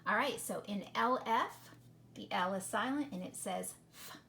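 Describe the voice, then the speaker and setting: Slow, patient woman teaching phonics. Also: mid-range voice, creaky, bright, forceful tone, a little hiss or hum. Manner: slow, patient, questioning, sounds out words. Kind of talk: phonics lesson for children.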